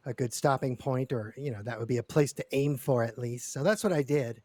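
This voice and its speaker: A man's voice: mid-range voice, a little fast, darkish tone, dry recording. A man telling a long story in character during a roleplay session, rambling and stammering with lots of repeated words and casual swearing.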